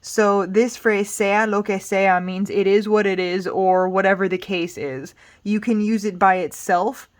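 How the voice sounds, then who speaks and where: A woman teaching Spanish grammar in a relaxed, explanatory way, patient and reassuring, thinking aloud with small fillers. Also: mid-range voice, a little slow, hardly any pauses. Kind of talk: casual explanatory lesson.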